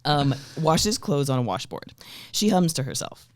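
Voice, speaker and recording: A man reads stage directions at a comedy table read, deadpan and prone to cracking up. His pitch moves a lot. The sound is close and dry on a podcast microphone. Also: moderate pace, no echo. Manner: deadpan reading of stage directions, breaking into laughter. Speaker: script reader.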